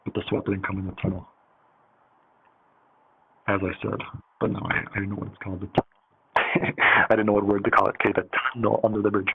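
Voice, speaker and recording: This man's fairly low voice is completely flat, creaky and a bit breathy; he talks fast but leaves long pauses. He rambles casually through a story, swearing and using plenty of fillers, on tinny, phone-quality audio with faint hiss.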